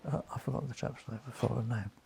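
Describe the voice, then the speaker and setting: A man's voice: mid-range voice, quick pace, creaky, a little hiss or hum. A British man in his nineties, a retired surgeon, telling anecdotes as an interview guest and acting out the voices in his stories. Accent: British English. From Britain. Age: 90s. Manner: lively raconteur, acts out quoted voices, chuckles.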